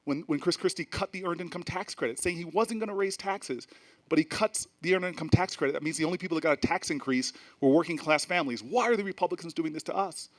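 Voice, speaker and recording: Middle-aged male politician, slightly high-pitched, emphatic and rhetorical speaker with stumbling restarts, addressing a live audience. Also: quick pace. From New Jersey. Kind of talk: animated speech with storytelling. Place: event stage before a live audience.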